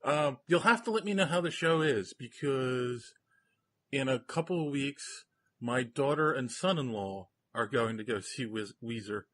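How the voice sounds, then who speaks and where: Older male podcast host, halting and chatty. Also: medium pitch, fairly bright tone. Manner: laughs often, halting and chatty. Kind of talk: casual chat.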